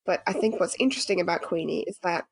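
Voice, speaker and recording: Podcast co-host, woman, lower-pitched, casual and chatty, dry close mic. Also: quick pace, creaky, breathy edge, dry recording. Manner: chatty, swears casually, lots of "like".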